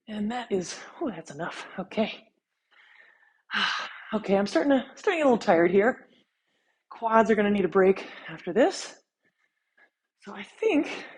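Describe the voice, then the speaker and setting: A woman fitness instructor talking a follow-along workout while she exercises, counting reps, out of breath, relaxed and encouraging. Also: medium pitch, slightly rough.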